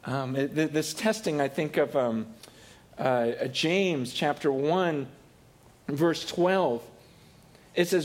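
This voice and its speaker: A man's voice: on the high side, slow pace, long pauses. A man preaching a sermon in a conversational way, often repeating and restarting words as he explains. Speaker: pastor.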